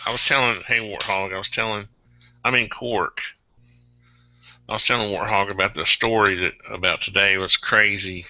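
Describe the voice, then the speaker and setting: A tired man hosting a casual online group chat, rambling and excitable, jumping into high-pitched outbursts. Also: normal speed, dry recording, muffled recording. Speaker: host of an online hangout.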